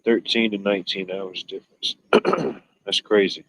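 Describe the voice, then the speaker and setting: A man's voice: low-pitched, fairly even intonation, a little slow, fairly bright tone, poor audio. A man hosting a livestream, chatting casually, rambling and joking with viewers. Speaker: livestream host. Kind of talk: casual chat reading viewer comments.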